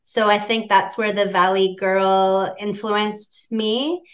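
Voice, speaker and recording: A woman's voice: mid-range voice, fairly even intonation, slow pace, lo-fi sound. A woman from Canada in her forties, chatting as an interview guest and laughing often. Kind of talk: casual interview chat.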